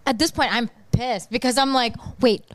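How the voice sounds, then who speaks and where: A young woman, a podcast guest, retelling a family story in casual chat with animated, exasperated energy. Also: a little high, normal speed, no room sound.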